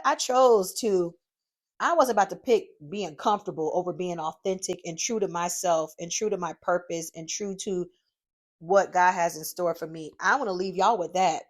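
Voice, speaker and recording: Chatty, encouraging woman podcast host. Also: mid-range voice. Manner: lively, chatty, encouraging, calls listeners "y'all" and "child". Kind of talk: casual solo podcast monologue. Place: home office craft room.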